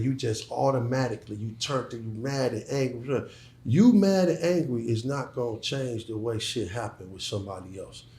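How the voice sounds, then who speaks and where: Mid-range and creaky with a darkish tone, the voice belongs to a middle-aged man, a former hustler who became an entrepreneur. Guesting on a casual interview in a roomy-sounding space, he swears emphatically and often doubles up words at the start of sentences.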